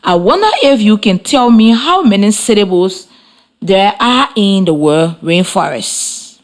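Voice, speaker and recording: Slow, lively-voiced woman teacher. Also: mid-range voice. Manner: encouraging, gives clear step-by-step instructions. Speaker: radio teacher. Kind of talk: radio classroom lesson.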